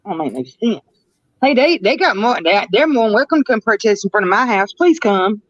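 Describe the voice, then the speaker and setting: A woman's voice: medium pitch, sing-song, a little fast, no room sound. Blunt, mocking woman on a dry lo-fi stream. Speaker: live stream co-host. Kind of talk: casual profane chat.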